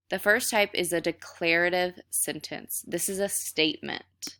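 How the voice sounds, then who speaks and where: Young woman teacher doing a video lesson, bright crisp voice, casual step by step explaining. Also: on the low side, fairly even intonation, a little slow, hardly any pauses.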